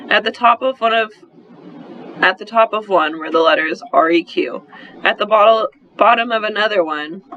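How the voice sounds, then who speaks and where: A man narrating a first-person children's story in an expressive, brisk storytelling manner, on a slightly muffled recording. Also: sits high, slight background noise. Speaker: audiobook narrator.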